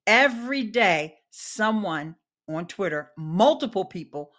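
A woman's voice: medium pitch, animated, a little slow, fairly bright tone. Woman guest on a casual live show. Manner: friendly, greets viewers by name, laughs easily. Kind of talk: casual live-stream chat.

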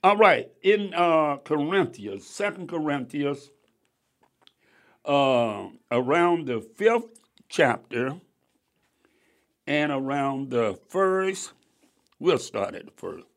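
Man, preacher, sermon, slow unhurried pace, drawn-out scripture reading, rising and falling cadence. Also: on the high side, very animated. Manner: stretches scripture readings slowly, then rushes asides.

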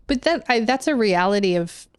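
A woman's voice: mid-range voice, animated, brisk, clear, resonant tone. Woman speaking frankly in podcast chat. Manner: frank, advising, teasing. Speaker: podcast co-host. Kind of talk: casual chat.

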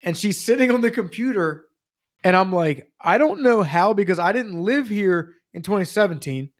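High-voiced man ranting profanely. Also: expressive, moderate pace. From Pennsylvania. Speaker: podcast co-host. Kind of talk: casual comedic storytelling.

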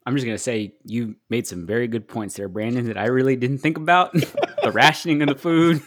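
A man's voice: mid-range voice, a little fast. A man co-hosting a podcast in casual chat who laughs often, swears, and makes his case with rhetorical questions. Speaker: podcast co-host.

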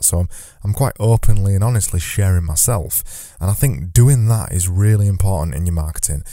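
A man with a low voice and a very dark, mellow tone hosts a solo podcast from his notes. He talks loosely and conversationally, circling back on his phrases as he thinks aloud. The sound is dry and close on the mic. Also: no room sound. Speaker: podcast host. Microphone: studio microphone.

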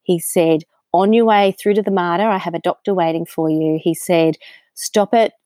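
Candid Australian woman, low voice, dry. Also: steady tone, moderate pace, mellow, no echo. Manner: candid storytelling with frequent ums. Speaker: guest. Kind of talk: conversational interview.

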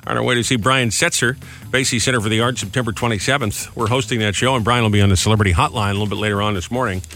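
A man's voice: lowish voice, steady tone, racing, a bit bright, faint music behind. A middle-aged man co-hosting a morning radio show, chatty and self-deprecating in casual studio banter. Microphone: studio microphone.

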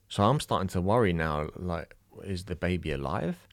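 A young Irish man with a low, deep voice recounts a personal story, halting and emotional, often restarting his sentences. The recording is close and dry, with no room sound. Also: no room sound. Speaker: new father telling a birth story.

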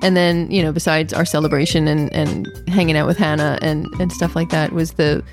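A woman co-hosting a podcast, chatting in an animated, storytelling way. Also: low-pitched, a little fast, music in the background. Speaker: podcast co-host. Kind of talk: casual chat.

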